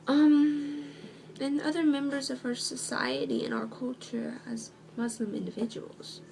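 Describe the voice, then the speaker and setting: A young woman vlogging indoors at home with a slow, unhurried delivery and a gravelly, creaky edge. She is sarcastic and hesitant, filling gaps with ums, and faint background noise sits behind her. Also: medium pitch. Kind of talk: casual video monologue.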